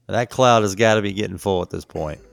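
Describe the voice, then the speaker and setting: A man's voice: lowish voice, fairly quick, vocal fry, no room sound. A man co-hosting a casual chat, drawling and amused. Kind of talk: casual banter.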